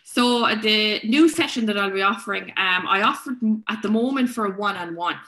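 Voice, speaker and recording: An Irish woman, a sleep consultant guest, talking in a relaxed, conversational way on a podcast. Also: mid-range voice, fairly quick. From Ireland. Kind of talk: casual chat.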